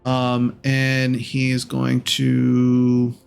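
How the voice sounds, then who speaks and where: Slow, gravelly-voiced male game master. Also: medium pitch, monotone, soft background music. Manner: unhurried, rambling with many ums and self-corrections. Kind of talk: narrating a tabletop game.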